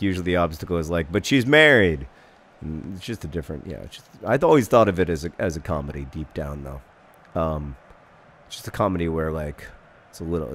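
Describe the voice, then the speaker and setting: A man in his thirties hosting a casual gameplay video, rambling through asides and breaking into excited shouted commentary. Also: on the low side. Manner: excitable, bursts into shouted mock-epic commentary and chants; rambling, self-deprecating asides. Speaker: gaming video host.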